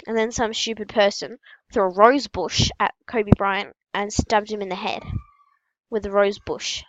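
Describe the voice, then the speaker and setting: A female gaming host telling absurd, made-up stories in a casual, matter-of-fact, deadpan way while opening packs. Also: mid-range voice, a little slow, no echo, poor audio.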